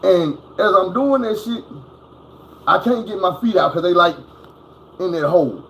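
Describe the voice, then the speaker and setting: This man's voice sits high and is creaky and a bit bright, at a moderate pace, with a little hiss or hum in the recording. He's at home telling a personal story in a casual, profane, vivid way, acting out crashes and sounds.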